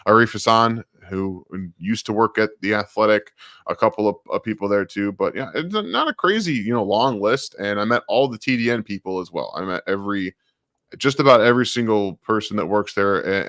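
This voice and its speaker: Bright-voiced male football analyst. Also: fairly low pitch, no room sound, studio quality. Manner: enthusiastic, quick draft takes. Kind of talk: casual sports chat.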